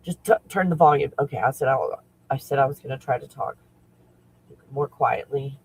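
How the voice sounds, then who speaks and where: A man who works as a spiritual coach talks casually on a livestream, excitable and rambling, often breaking into laughter. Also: mid-range voice, normal speed, slight background noise, poor audio.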